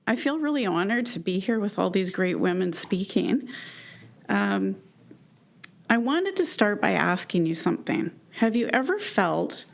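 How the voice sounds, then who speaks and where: A woman in her fifties from Canada giving a personal keynote talk to a live audience, speaking earnestly and with emotion, with halting restarts. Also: medium pitch, vocal fry. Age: 50s.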